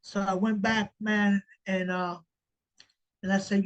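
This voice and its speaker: An older man in a reading group call, telling a story in a halting way with many repeated words. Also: high voice, little pitch movement, lo-fi sound. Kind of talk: casual storytelling in group discussion.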